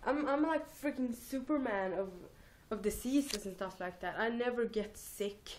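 A woman's voice: on the high side, moderate pace, a little mellow, slight background noise. Hyper giggly young woman with a cold. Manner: hyper, giggly, self-mocking. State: has a cold. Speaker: vlogger. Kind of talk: casual rambling vlog. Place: cold apartment, indoors.

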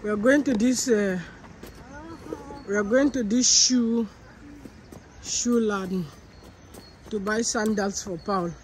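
Slow-talking mother vlogging outdoors. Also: medium pitch, slight background noise. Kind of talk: casual family vlog.

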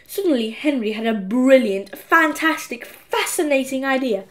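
A woman reads a children's story aloud with playful, expressive storytelling. Her voice is high and swoops widely from line to line. She takes her time, leaning into each sentence. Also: measured pace, few pauses. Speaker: audiobook narrator. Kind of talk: children's audiobook narration.

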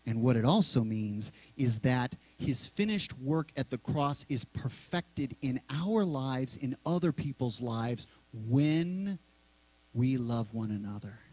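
A middle-aged male pastor preaching in a church sanctuary, talking conversationally and slowly repeating key words. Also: mid-range voice, animated, a little mellow, rough recording. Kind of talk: sermon.

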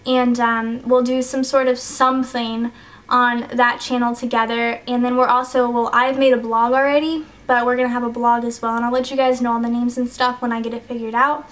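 A woman's voice: a little high, little pitch movement, a little fast. A teenage girl chatting in a casual vlog, rambling and hesitant with many fillers, choked up and sniffly. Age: teens. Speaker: YouTuber.

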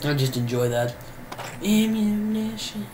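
A man doing live gameplay commentary, frantic and swearing a lot, yelling at enemies. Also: high voice, animated, takes it slowly, background noise. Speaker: let's play gamer.

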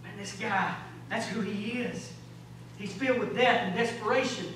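A man preaching a sermon, emphatic and rhetorical, moving between loud exhortation and low urgent passages with folksy asides. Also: fairly even intonation, normal speed. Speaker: pastor. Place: large church sanctuary. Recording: very echoey hall, distant mic, faint hum.

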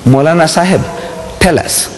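A man's voice: on the high side, moderate pace, lightly acted. A man voicing an insistent male reverend who presses his opponent with questions, heard in a reverberant hall. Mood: probing.

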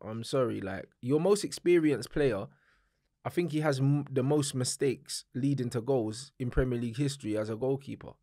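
A young man talks through a football match calmly, in relaxed slang. His voice sits at a middling pitch and sounds close and dry. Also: no room sound. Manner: calm, measured, slangy. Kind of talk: casual football chat.

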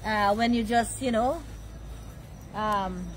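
A woman's voice: mid-range voice, slow pace, soft background music, low-quality recording. A woman with a Guyanese accent hosting a casual backyard food vlog, chatty and affectionate, often laughing and talking while she eats. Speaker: vlog host. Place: backyard outdoors at night.

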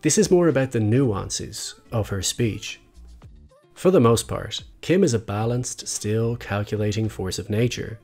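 Measured man narrating a video essay. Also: lowish voice, a little mellow. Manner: measured, analytical delivery. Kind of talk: scripted narration. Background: faint background music.

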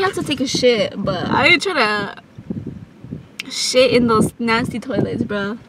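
Young woman, high-pitched, unhurried, crude self-mocking vlog chatter, loud outdoor noise. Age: young adult. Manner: crude, self-mocking, laughing, hyping herself up. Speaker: vlogger. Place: outdoors at a beach.

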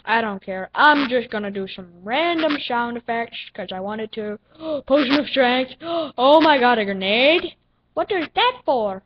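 A young female gaming channel host giving excitable, playful commentary while playing, with silly sound effects. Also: fairly high pitch, normal speed. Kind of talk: casual gameplay commentary. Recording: dull lo-fi recording with faint noise.

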